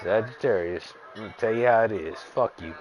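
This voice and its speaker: A man's voice: on the low side, moderate pace, muffled recording, faint music behind. A man streaming a baseball game, bluntly telling a profane story in casual talk. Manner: blunt, profane, animated retelling. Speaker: gaming streamer. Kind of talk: casual storytelling while playing.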